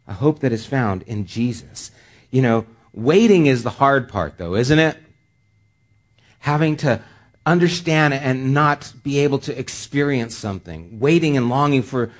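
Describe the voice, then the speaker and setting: Man preaching with hushed-to-emphatic swings. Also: medium pitch. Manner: storytelling asides with casual fillers. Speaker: pastor. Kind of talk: sermon. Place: church sanctuary.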